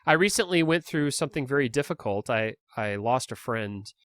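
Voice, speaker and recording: A man hosting a solo podcast, talking in a relaxed, rambling way with self-deprecating chuckles. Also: medium pitch, brisk, no echo, studio quality. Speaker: podcast host. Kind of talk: casual solo monologue.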